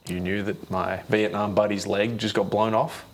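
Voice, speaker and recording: Sarcastic podcast guy, lowish voice, deadpan jokes, light hiss. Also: moderate pace. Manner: dry sarcastic quips. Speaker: podcast co-host. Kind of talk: casual chat.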